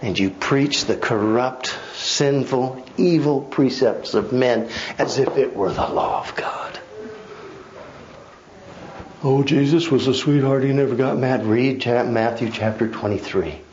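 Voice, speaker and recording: A man's voice: medium pitch, a little mellow, a little hiss or hum. Man preaching emphatically, slightly dull recording. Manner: emphatic, conversational preaching with asides. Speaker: pastor. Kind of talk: Bible study sermon. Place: church.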